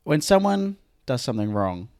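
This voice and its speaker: A playful man co-hosting a podcast in casual chat. He is quick to laugh, and his pitch swings widely. The sound is dry and close. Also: sing-song, a little mellow, clear, resonant tone, dry recording. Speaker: podcast co-host.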